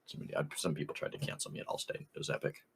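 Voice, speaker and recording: Talking very fast in a slightly bright voice, this young podcast co-host wanders through a story in relaxed conversation, breaking into laughter again and again. He quotes others with "I was like," and there's a faint hiss or hum in the audio.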